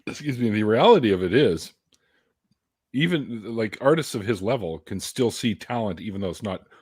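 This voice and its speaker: Husky low-voiced man hosting a casual chat. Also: lively intonation, normal speed, a little mellow, dry recording, studio quality. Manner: laid-back, affirming, laughs often. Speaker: host. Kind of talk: casual video chat interview.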